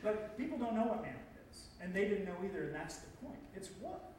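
A man preaching a sermon in a relaxed, conversational and playful way, breaking into exaggerated incredulous outbursts. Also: high-pitched, fast, slight background noise. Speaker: pastor.

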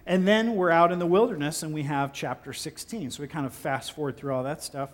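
A man preaching a sermon in a relaxed, conversational and playful way, breaking into exaggerated incredulous outbursts. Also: a little high, brisk. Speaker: pastor.

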